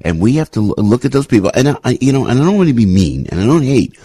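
A man hosting a talk radio show, delivering a rambling, impassioned opinion monologue full of restarts and sudden jumps in pitch. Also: very animated, quick pace, warm tone, slightly rough, dry recording.

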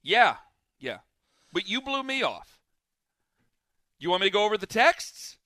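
A married man co-hosts a casual podcast and rambles through a story, acting out quotes along the way. His voice is very bright and a little high. The sound is dry and close, with no room in it. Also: very animated, a little slow, no room sound. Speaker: podcast co-host. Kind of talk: casual banter.

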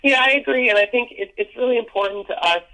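A man's voice: very high voice, fast, pushed and bright, rough recording. A man being interviewed, talking keenly about a museum's programs and stories, often restarting his sentences. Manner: enthusiastic, stumbles and repeats words. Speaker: museum educator and guest. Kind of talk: casual interview.

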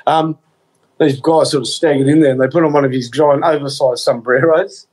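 A man co-hosting a radio chat, telling animated stories and mimicking the people in them. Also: a little high, a little fast, low-quality recording. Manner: animated anecdotes, mimics others. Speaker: radio co-host. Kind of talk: casual radio chat and storytelling.

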